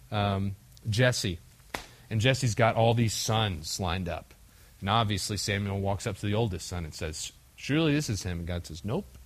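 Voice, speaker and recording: A young man preaching a casual sermon, acting out the quoted voices of the story, with a few slips along the way. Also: fairly low pitch. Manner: conversational, acts out quoted voices, occasional slips. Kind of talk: casual sermon with group discussion.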